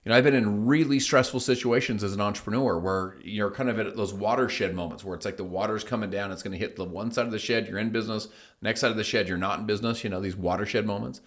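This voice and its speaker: Low-voiced man telling a motivational story. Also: fairly even intonation, fast. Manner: storytelling, quotes people in acted voices, emphatic. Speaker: host. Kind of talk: motivational monologue.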